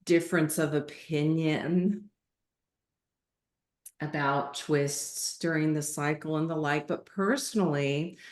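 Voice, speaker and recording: A woman yoga teacher giving calm, measured guidance in an online class. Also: deep voice. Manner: calm, measured instruction with gentle reassurance. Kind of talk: guest instruction in a live online class. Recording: echoey room.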